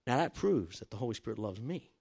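A man's voice: medium pitch, very animated, fast talker, creaky, a little mellow, husky. An older man preaching, telling a personal story with acted-out dialogue and chuckles. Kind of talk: sermon with personal testimony story.

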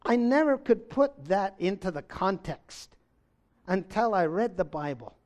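High-voiced animated male preacher. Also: a little slow. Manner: animated, shifts from loud exclamations to low intensity. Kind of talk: sermon with scripture reading.

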